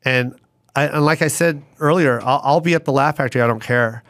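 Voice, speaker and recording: A middle-aged man, a guest comedian, telling stories in a lively way and slipping into character voices. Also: mid-range voice, fairly quick, dry recording, clean studio sound. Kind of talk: conversational storytelling.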